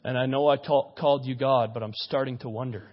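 A man's voice: fairly even intonation, brisk, in a large hall, lightly acted. A man playing Peter as a worried, protesting friend in a sermon retelling, pulling Jesus aside to argue, on a dull lo-fi recording. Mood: hushed urgent. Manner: low and hushed at first, then loud protest.

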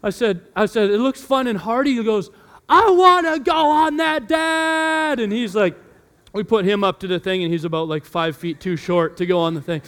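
A man in his thirties preaching a sermon, animated, telling a family story and acting out his children's voices. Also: sits high, fairly quick. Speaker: pastor.

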